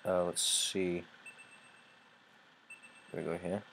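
A man from Canada commenting on a game, sarcastic and profane, shouting in frustrated bursts. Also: deep voice, flat delivery, slow pace, vocal fry, slight background noise. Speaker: let's play host. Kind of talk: gameplay commentary.

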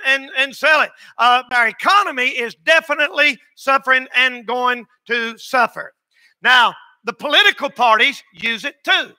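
High, bright-voiced shouting preacher. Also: male voice, dry recording. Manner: folksy, emphatic, often shouting. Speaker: pastor. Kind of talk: sermon. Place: church.

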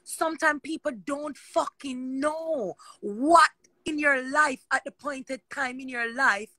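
Jamaican lady rambling on a live chat, bright voice, really emphatic. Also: high-pitched, takes it slowly, no echo.

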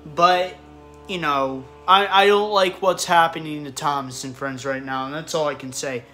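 A man's voice: on the high side, steady tone, normal speed, sharp tone, faint music behind. A man talking casually to camera as a video creator, rambling and stumbling over his words. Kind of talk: casual vlog talk.

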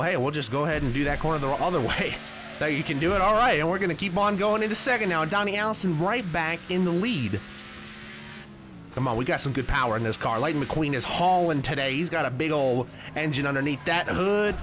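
Guy narrating his racing game run, gets hyped at crashes, game noise loud under him. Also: mid-range voice. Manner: excitable, jumps to loud yelps at crashes. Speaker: gaming channel host. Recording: noisy game audio underneath.

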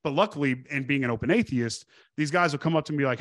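A man's voice: mid-range voice, fast, few pauses, no room sound. Profane, storytelling Texas-raised man. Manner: profane, animated, acts out quoted voices with restarts. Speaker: podcast guest. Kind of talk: casual conversational storytelling.

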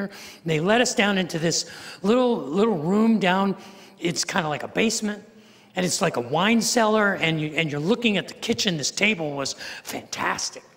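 A man's voice: high voice, a bit bright. An older man preaching a sermon, telling a personal story in a conversational, self-deprecating way with frequent restarts. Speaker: pastor. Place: large church sanctuary. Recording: reverberant church hall.

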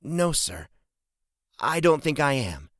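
Guy doing a teen farm girl, apologetic and teary, pitched up, storybook voice. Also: very animated, takes it slowly, no room sound, clean studio sound. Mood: upset. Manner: tearful, apologetic. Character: upset young farm girl, teenage.

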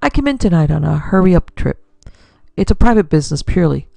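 A polite, soft-spoken gangster from a pulp crime tale, put on by a woman narrator. He speaks gently and courteously with a gravelly grain. The voice is close and dry. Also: on the low side, big pitch swings, brisk, no room sound, full character voice. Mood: smooth menace.

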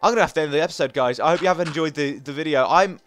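A man hosting a casual let's play, chatting excitedly to his viewers and his pets. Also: a little high, rapid-fire, faint music behind. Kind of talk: casual game commentary.

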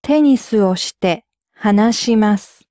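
A woman modelling phrases in a language course, repeating each one clearly and carefully. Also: medium pitch, unhurried, dark tone, dry recording, clean studio sound. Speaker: native model speaker.

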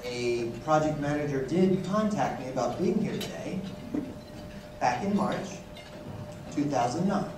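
A man's voice: mid-range voice, lively intonation, unhurried, long pauses. A man performing a stand-up comedy routine, teasing the audience. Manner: teasing, mock-accusing the audience. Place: large conference hall. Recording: echoey hall, distant mic, noisy.

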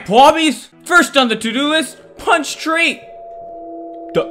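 Frantic high-pitched young man yelling. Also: slow pace, faint music behind. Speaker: gaming comedy YouTuber. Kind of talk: parody let's play commentary.

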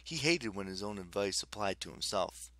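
A man narrating a fantasy novel as an audiobook in a steady storytelling delivery. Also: on the low side, moderate pace, dry recording.

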